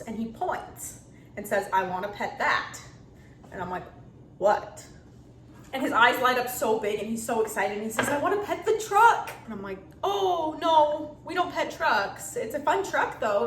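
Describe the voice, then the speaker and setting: A young woman, a mother telling a casual storytime vlog story in a chatty, animated way, recorded in an echoey room. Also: mid-range voice. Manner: chatty and animated, quick bursts. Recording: echoey room, faint background hum.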